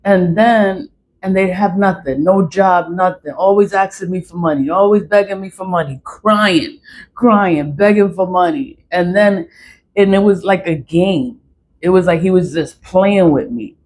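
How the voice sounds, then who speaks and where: A woman's voice: lowish voice, unhurried, a little mellow, slight background noise. A woman telling a personal story in a casual vlog, blunt and profane, repeating herself for emphasis. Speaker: vlogger.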